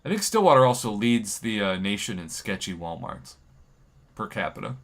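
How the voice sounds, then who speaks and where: A man's voice: fairly low pitch, sing-song, normal speed, a bit bright. A man hosting a live game stream, chatting casually and joking while reading viewer comments. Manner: jokey, chatty, reads viewer comments aloud.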